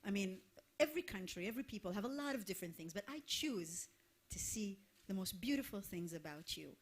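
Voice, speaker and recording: A woman's voice: medium pitch, sing-song, moderate pace, breathy edge. A woman, a singer talking between songs to a live concert audience in a playful, effusive way. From Israel. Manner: effusive and playful, laughing and gushing to the crowd.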